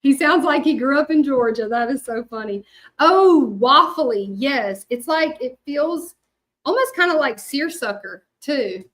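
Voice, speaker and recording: Middle-aged Southern woman, Louisiana drawl, folksy crafting host with a slightly high voice, loose and rambling. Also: animated, a little slow, a bit bright. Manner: chatty, rambling, many fillers, talks to viewers. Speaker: hand-lettering artist. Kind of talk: casual craft livestream chat.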